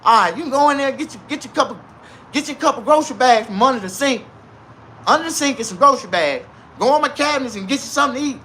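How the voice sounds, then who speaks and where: A man doing a smooth-talking old man. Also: very high voice, expressive, fast, bright, forceful tone, a little hiss or hum, voice pushed up, exaggerated voice. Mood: coaxing.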